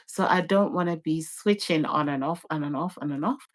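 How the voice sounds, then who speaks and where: A woman's voice: low-pitched, fairly quick. A woman from Jamaica with a Jamaican accent, chatting casually on a livestream and explaining herself with lots of "like"s. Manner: animated, explaining herself with many "like"s. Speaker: livestream host. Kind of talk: casual chat.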